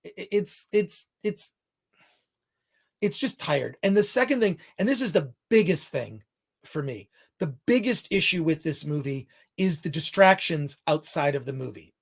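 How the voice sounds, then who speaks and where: A man's voice: a little high, lively intonation, unhurried, creaky. A man hosting a film review show in casual chat, rambling off on tangents and restarting his sentences often.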